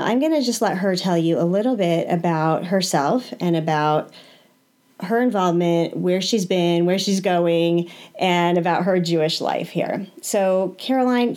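A woman's voice: fairly low pitch, darkish tone. Woman hosting a radio interview. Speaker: radio show host.

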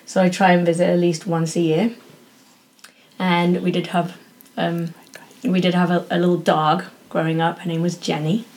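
A woman's voice: on the low side, little pitch movement, moderate pace, a little mellow. A woman, a pediatric doctor chatting as a guest and laughing easily. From northern England. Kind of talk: casual interview chat.

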